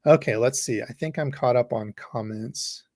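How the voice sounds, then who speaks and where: A man's voice: mid-range voice, moderate pace, darkish tone, dry recording, studio quality. A man hosting a fishing livestream, rambling casually and reading viewer comments aloud. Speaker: fishing channel host.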